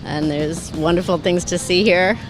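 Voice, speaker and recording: A woman answering a street interview in a friendly, measured way. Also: lowish voice, fairly even intonation, background noise.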